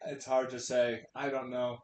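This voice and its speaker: A man playing a confused android who talks in a hesitant, halting way. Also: medium pitch, flat delivery, darkish tone, slight background noise, natural voice. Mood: unsure. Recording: echoey room.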